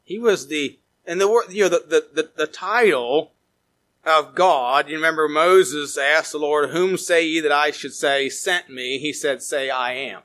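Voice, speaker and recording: Emphatic preaching man, higher voice. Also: a little slow. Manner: preaching, reading scripture aloud with emphatic rises and quiet drops. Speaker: pastor. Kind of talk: sermon.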